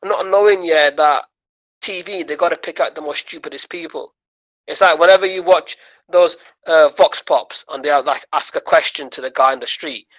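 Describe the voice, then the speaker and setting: A man's voice: on the high side, moderate pace, rough recording. A man, a comedian guest on a podcast telling a story and acting out the voices of the people in it. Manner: animated, acts out quoted voices.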